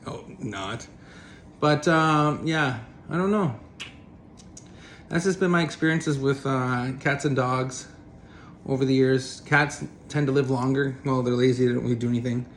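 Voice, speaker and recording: A man rambles through a loose, blunt rant to camera, swearing casually between filler words. His pitch sits in the middle range for a man, and faint room noise hums behind him. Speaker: vlogger.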